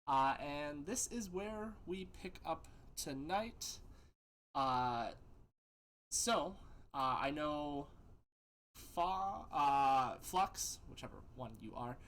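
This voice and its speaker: A man running a tabletop game as game master, unhurried and self-deprecating, laughing often. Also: a little high, expressive, a bit bright.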